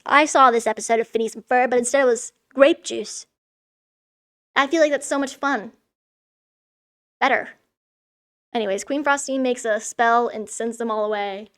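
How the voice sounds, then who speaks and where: A woman's voice: on the high side, a bit bright. Irreverent young woman ranting sarcastically. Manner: irreverent, sarcastic, swears freely. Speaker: vlogger. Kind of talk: casual recap commentary. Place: room in a school.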